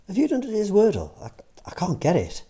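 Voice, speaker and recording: A man's voice: high-pitched, huge pitch swings, brisk, mellow. A young man hosting a comic football vlog, talking in a cheeky, sarcastic way full of banter.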